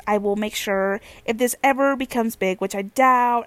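A woman's voice: on the high side, moderate pace, no room sound. A young woman hosting a casual solo podcast, rambling and repeating herself as she chats. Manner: rambling, repetitive, chatty. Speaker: podcast host.

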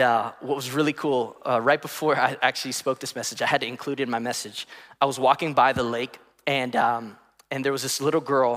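A man preaching a sermon, his voice sitting a little high, with a long reverb trailing off the walls of a large hall. He builds to emphatic peaks and then drops soft, and slips into casual storytelling with fillers and asides to the congregation. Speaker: pastor.

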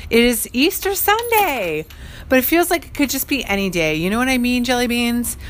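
A woman's voice: fairly high pitch, animated, quick pace. A woman in her forties hosting a casual solo podcast from her studio, rambling and chatty with frequent laughs. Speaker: podcast host.

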